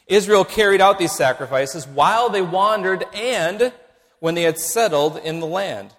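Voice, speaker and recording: A man preaching a sermon, teaching in a measured way and stressing key points by repeating them. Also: sits high, fairly bright tone, big-room sound. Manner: measured teaching delivery, emphatic repetition. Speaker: pastor.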